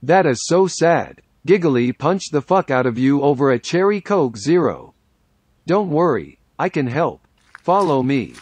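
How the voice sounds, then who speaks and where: Upbeat cartoon salesman, male performer; raised pitch, lively, dry booth sound. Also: unhurried, breathy edge, no room sound, full character voice. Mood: coaxing. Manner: salesman-like, coaxing. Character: pushy male pitchman offering a strange soda.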